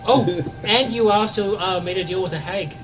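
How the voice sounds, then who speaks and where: A man with a high voice jokes and teases his fellow players in quick banter. Music runs in the background. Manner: teasing, joking. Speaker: tabletop game player on a podcast. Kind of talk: casual banter.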